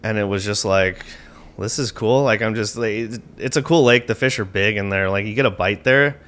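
A man guest on a podcast, telling a tournament fishing story in an animated, excitable way, with lots of "like" and casual swearing. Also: lowish voice, fairly quick.

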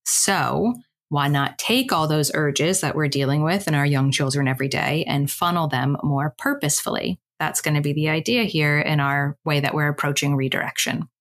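A woman's voice: low voice, normal speed. A woman in her thirties hosting a parenting podcast solo, chatty and candid with casual asides. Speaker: podcast host.

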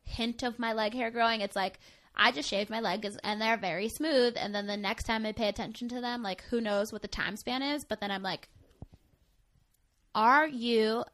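A young woman with a slightly higher voice talks on a podcast in a loose, candid way. She piles up fillers and tells stories with lots of animation. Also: fairly quick. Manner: candid, chatty, animated storytelling with many fillers. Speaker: podcast co-host. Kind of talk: casual chat.

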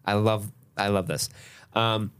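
A man's voice: on the low side, flat delivery, slow pace, clean tone. A man co-hosting a casual movie-review podcast, laid-back and swearing freely, with frequent laughter. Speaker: podcast co-host.

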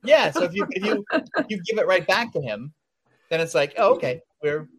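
Male guest, slightly high voice, blunt straight-talking storyteller who chuckles. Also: lively intonation, moderate pace, fairly bright tone, breathy edge. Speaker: comics publisher guest. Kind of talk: casual chat.

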